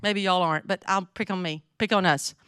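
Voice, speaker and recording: A woman's voice: lowish voice, steady tone, a little fast, a bit bright, smooth, no echo, studio quality. A middle-aged woman from the American South with a Southern accent, giving a chatty, candid sermon to a women's gathering and often checking in with her listeners. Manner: chatty, candid, asks the audience questions. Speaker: women's ministry speaker. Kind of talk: conversational sermon.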